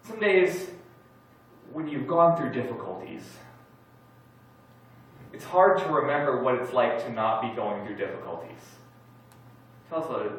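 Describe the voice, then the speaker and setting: Man, pastor, sermon, candid and joking, loud-then-quiet delivery, echoey church hall, distant mic. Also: medium pitch. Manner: candid, joking, self-deprecating; animated, swings between loud and quiet. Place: large church sanctuary.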